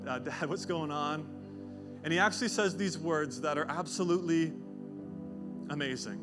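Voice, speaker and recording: A male pastor delivers a lively sermon and turns scripture into vivid storytelling. His voice sits a little high for a man. Music plays clearly beneath him. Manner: animated storytelling with quick put-on voices and asides.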